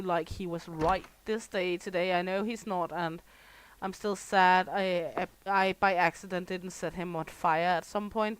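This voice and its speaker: A woman's voice: medium pitch, a little hiss or hum, low-quality recording. A middle-aged Danish woman with a Danish accent, chatting casually and swearing freely while live-streaming a store game. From Denmark. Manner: chatty, swears freely, laughs often, talks to chat.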